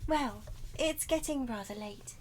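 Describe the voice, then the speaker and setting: A woman's voice: high-pitched, measured pace, noisy background. A woman voicing a polite, formal young female legal assistant while reading game dialogue aloud. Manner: formal, courteous, gently earnest.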